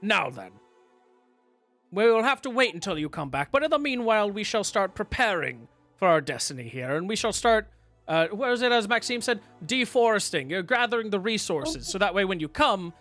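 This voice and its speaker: A man's voice: high voice, sing-song, normal speed, a bit bright, no echo, faint music behind, pitched above the performer's own voice. A man voicing a pompous, pudgy male noble lord who speaks in a grandiose, condescending way.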